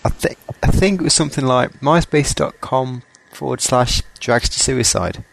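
A man's voice: medium pitch, normal speed, gravelly. A man co-hosting a music podcast, reading sponsor spots and plugs in an easygoing way. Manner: easygoing, laughs through reads. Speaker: podcast co-host reading ads. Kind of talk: casual radio banter and ad reads. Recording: loud music behind.

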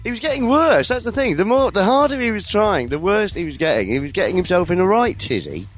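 A male radio host spinning an anecdote, his pitch leaping up and down as he goes. He swears casually and keeps the tale bouncing along. Faint music plays under his voice. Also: quick pace. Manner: lively, animated anecdote telling, swearing. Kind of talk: storytelling radio chat.

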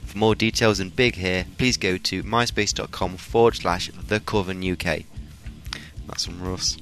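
A man's voice: low-pitched, fairly even intonation, normal speed, a bit bright, soft background music. A man from the UK co-hosting a podcast, giving dry, laid-back replies and reading out listener mail. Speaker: podcast co-host. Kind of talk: casual comedy chat.

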